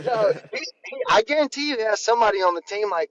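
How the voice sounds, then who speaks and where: A man co-hosting a racing podcast, joking and animated in casual chat. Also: sits high, fast, poor audio. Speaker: podcast co-host.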